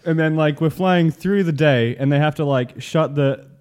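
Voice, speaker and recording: A man's voice: on the high side, normal speed, darkish tone, smooth. A young man telling a story in casual chat, laughing often and using many fillers. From Australia.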